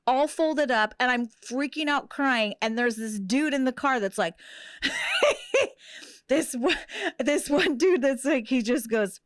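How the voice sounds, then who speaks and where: A woman's voice: high voice, slow, no room sound, clean studio sound. A middle-aged woman hosting a podcast, telling a story in casual, profane chat and acting out the people she quotes. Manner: profane, animated, acts out quotes. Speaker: podcast host.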